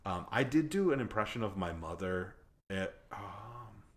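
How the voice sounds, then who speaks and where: A man's voice: fairly low pitch, expressive, unhurried. A man hosting a podcast, talking in a rambling, self-deprecating way with lots of fillers. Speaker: podcast host. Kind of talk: casual chat.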